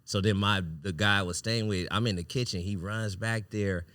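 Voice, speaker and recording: Here is a man hosting a podcast with a bright, forceful voice pitched a little low. He tells a story in a loose, animated way, swears freely and acts out the lines of the people in it. His voice is recorded dry and close, with no room sound. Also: moderate pace, no echo. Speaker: podcast host. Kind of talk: casual storytelling.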